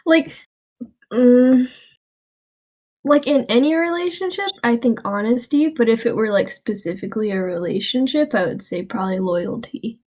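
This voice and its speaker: A woman's voice: fairly high pitch, lively intonation, moderate pace, a little mellow. A young woman chatting on a casual podcast over an online call, easygoing and talkative. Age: young adult. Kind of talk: casual chat.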